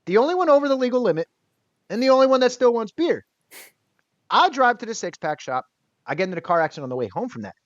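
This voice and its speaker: A man guest on an interview podcast, telling a personal story in a casual, lively way and acting out what others said. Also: very high voice, quick pace, long pauses, no room sound. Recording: dull lo-fi dry sound.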